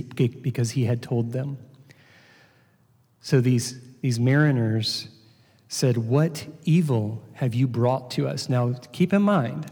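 A man's voice: mid-range voice, dark tone. A man preaching a sermon, reading scripture aloud and then explaining it with rhetorical questions. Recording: long hall reverb.

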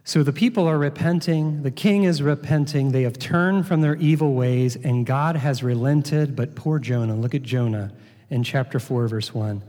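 A man preaching a sermon, teaching from a Bible passage in a slow, earnest way with repeated words. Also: mid-range voice, dark tone. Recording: long hall reverb.

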